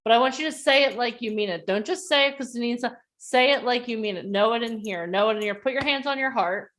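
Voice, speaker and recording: A woman coaching participants on a video call, leading a guided breathing exercise and then a motivational talk, speaking calmly and softly at first. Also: a little high, quick pace. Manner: calm and soft in the breathing part. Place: outdoors or near the street in a neighborhood.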